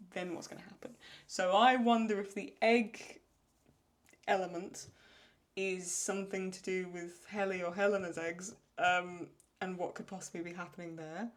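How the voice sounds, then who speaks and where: Chatty woman thinking aloud, slightly low voice. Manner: thinks aloud with restarts, laughs when retelling funny lines. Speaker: channel host answering viewer questions. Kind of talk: casual Q&A chat.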